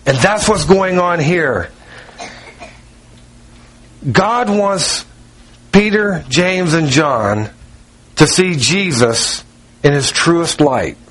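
A man's voice: on the high side, expressive, extremely slow, long pauses, a bit bright, rough recording. A man preaching a sermon in a conversational style, with asides and jokes to the congregation. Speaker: pastor.

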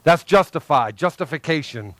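A man's voice: a little high, expressive, normal speed, a bit bright, dry recording. A man preaching a sermon in an earnest, conversational way, repeating phrases for emphasis. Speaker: pastor.

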